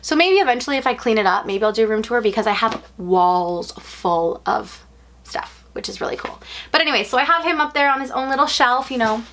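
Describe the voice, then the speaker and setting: A woman with a slightly raised pitch chats through an unboxing vlog in her bedroom. She rambles and gushes, with a faint hiss behind her voice. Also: fairly quick. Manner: gushing, excitable, rambling. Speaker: unboxing vlogger.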